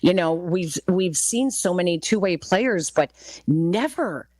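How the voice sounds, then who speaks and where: Dry low-voiced woman radio host. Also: animated, slow, a little mellow, no echo. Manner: storytelling, laughing through anecdotes. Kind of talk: casual sports talk. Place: radio studio.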